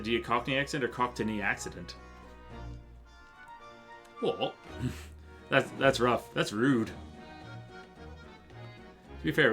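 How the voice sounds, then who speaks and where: A man giving live commentary while he plays a game, casual and joking with a crude edge. His pitch swings in an animated way as he reacts. Game music plays clearly under his voice. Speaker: streamer.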